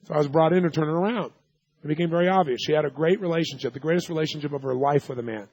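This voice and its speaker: A man's voice: fairly high pitch, very fast, a little mellow, husky, no room sound, dull audio. A man giving a live seminar talk, telling stories emphatically and quizzing the audience with yes-or-no questions. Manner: emphatic, storytelling delivery. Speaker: seminar speaker.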